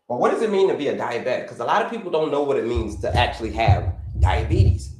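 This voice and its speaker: A man's voice: medium pitch, big pitch swings, normal speed, darkish tone, roomy sound, low-quality recording. A man hosting a live health stream, talking casually, repeating himself, calling listeners "folks" and asking them to type in the chat. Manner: repetitive, addresses listeners as folks, asks them to put answers in the chat.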